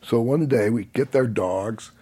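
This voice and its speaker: A man's voice: medium pitch, a little slow, warm tone. A man as a podcast guest, telling a long personal story in a loose, rambling way with lots of fillers, often laughing as he talks. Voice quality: husky. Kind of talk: relaxed storytelling.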